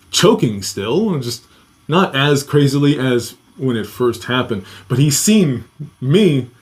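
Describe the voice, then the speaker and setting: A man casually telling a personal story on a podcast, swearing often and acting out the voices of the people in it. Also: mid-range voice. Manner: profane, restless, acts out quoted voices.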